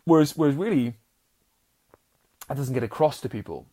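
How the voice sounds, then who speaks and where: A man hosting a casual motivational podcast as a happiness coach. He talks earnestly and restarts often, swinging between loud bursts and soft, sincere stretches. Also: mid-range voice, normal speed. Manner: swears casually and addresses listeners as warriors.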